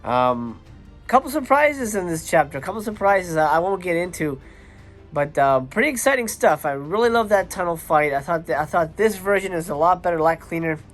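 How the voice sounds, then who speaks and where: A man's voice: high-pitched, expressive, a little fast, faint music behind. Tired, gushing male movie reviewer. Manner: enthusiastic, rambling with restarts. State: tired late at night. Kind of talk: casual watch-along commentary.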